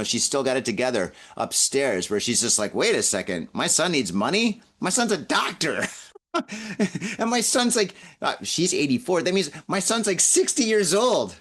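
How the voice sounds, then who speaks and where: Hungover, jokey man hosting a podcast. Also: medium pitch. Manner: chatty, jokey, laughing asides. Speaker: podcast host. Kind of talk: casual news chat.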